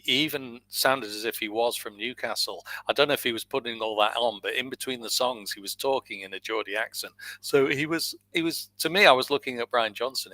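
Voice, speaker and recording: A man's voice: mid-range voice, sharp tone, no room sound, poor audio. A man, a guest on a music podcast, talking eagerly in casual chat.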